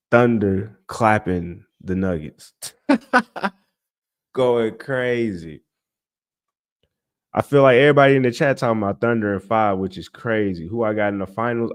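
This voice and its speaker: A young man hosting a casual sports livestream, talking straight to his chat in an animated, exasperated way. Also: fairly low pitch. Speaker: sports podcast host.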